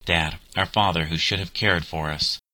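A man's voice: deep voice, steady tone, moderate pace, sharp tone, no room sound. A man reading an indignant young schoolboy. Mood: bitter. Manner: indignant, bitter.

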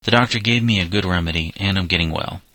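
A man's voice: low voice, quick pace, sharp tone, dry recording. A man reading as a defiant runaway boy of seventeen. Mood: sullen. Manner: bitter, resentful protests.

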